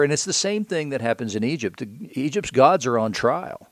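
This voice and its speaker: A man's voice: medium pitch, lively intonation, brisk, hardly any pauses, dry recording. A man reading scripture aloud and breaking into casual commentary with rhetorical questions, as a preacher.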